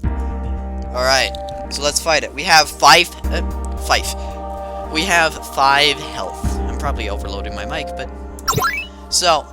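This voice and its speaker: A game creator playing through their own homemade game, rambling and playful with quick asides between game lines. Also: medium pitch, over music, poor audio. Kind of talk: let's-play commentary.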